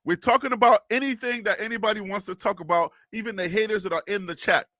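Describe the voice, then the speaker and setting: A high-pitched man hosts a casual live sports stream with a bright, forceful edge to his voice. He talks straight to the chat in a lively way, laughing often and repeating himself. The sound is close and dry. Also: fast, no echo. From North Carolina, US South.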